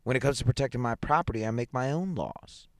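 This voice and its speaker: A man's voice: mid-range voice, fast talker, no room sound, clean studio sound, voice pushed up, lightly acted. A man doing a ruthless gloating husband. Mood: cold gloating. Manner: harsh, gloating, chuckling. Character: ruthless vindictive businessman husband.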